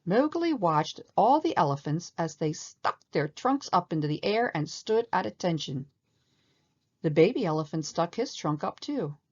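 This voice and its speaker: A woman reads a children's story aloud with animated, expressive pacing. Her voice is low, and the recording sounds slightly dull. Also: moderate pace, slightly rough. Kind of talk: storybook read-aloud narration.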